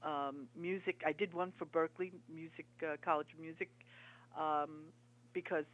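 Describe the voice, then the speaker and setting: Woman, guest author, reminiscing, halting, earnest, dull muffled lo-fi audio. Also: deep voice, steady tone. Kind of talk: conversational interview.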